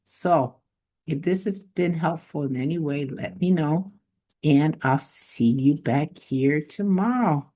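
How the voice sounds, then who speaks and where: Lady chatting thru her marketing tips, modest, kinda thinking out loud. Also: deep voice, takes it slowly. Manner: conversational, modest, thinks aloud. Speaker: online marketing coach. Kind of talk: casual tips talk to camera.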